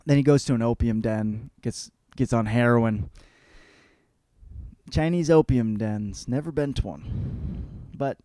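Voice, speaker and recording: A man's voice: medium pitch, takes it slowly, long pauses, no echo, studio quality. A male podcast host giving a profane, rambling comedic book report. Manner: profane, rambling, animated riffing.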